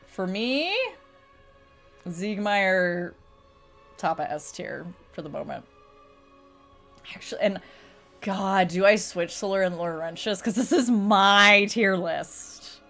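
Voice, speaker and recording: Slow-talking young woman streamer. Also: medium pitch, bright, forceful tone. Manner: laughs often and swears casually. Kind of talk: casual chat. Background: faint music.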